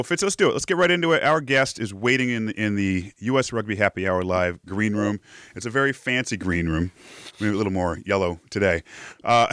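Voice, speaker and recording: Chatty low-voiced male podcast host. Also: fairly bright tone, no echo, clean studio sound. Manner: chatty, laughs often, frequent fillers. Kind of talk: casual livestream chat.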